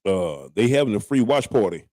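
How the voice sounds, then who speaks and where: A man's voice: fairly low pitch, sing-song, normal speed, dark tone, dry recording, clean studio sound. A young man hosting a live stream, trash-talking rival fans in casual banter with drawling repeats. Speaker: live-stream host, sports fan.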